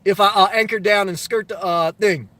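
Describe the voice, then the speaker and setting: A man's voice: sits high, steady tone, moderate pace, pushed and bright, dry recording. A middle-aged man hosting a live stream, reading viewer comments aloud and giving blunt, loose advice in casual chat full of fillers and restarts.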